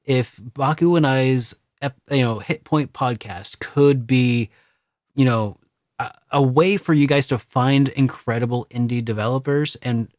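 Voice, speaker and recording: A man's voice: mid-range voice, no echo, studio quality. A man co-hosting a gaming podcast, rambling in easygoing chat with many restarts. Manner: rambling, lots of restarts and fillers. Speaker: podcast co-host.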